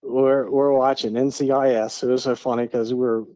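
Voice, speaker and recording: A man's voice: medium pitch, little pitch movement, normal speed, mellow, no echo. A middle-aged man from Eastern Maryland, a podcast guest telling a story in an earnest, repetitive way, often restarting his phrases. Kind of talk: casual storytelling.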